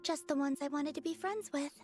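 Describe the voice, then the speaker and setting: An actress voicing a gentle, dreamy and naive young woman in a video game who speaks softly and innocently. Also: high voice, brisk, natural voice. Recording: game audio over music.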